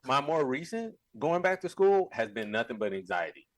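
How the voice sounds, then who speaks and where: A man's voice: mid-range voice, moderate pace, no echo. A man co-hosting a podcast, chatting casually and often restarting his sentences. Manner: stammering restarts, animated. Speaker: podcast co-host. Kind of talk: casual chat.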